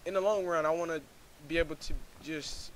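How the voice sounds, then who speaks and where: A young gaming YouTuber talks over his gameplay in an earnest, rambling way, full of fillers. His voice sits a little high for a man. Clear gunfire and game sounds play underneath. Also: steady tone, brisk, fairly bright tone. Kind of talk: casual gameplay commentary. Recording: game audio noise behind.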